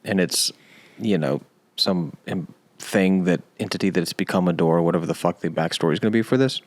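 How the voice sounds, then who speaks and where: Deep-voiced man musing on a book. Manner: measured, thoughtful questions. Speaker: podcast co-host. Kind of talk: casual book discussion.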